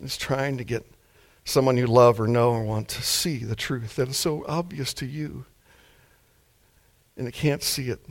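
A man's voice: mid-range voice, fairly even intonation, a little slow. A man preaching a sermon in a mild-mannered, laid-back way.

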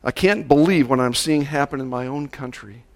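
Male pastor, mid-pitched voice, deliberate sermon delivery that leans on key words. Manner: measured, slowing down to stress key words. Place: church service.

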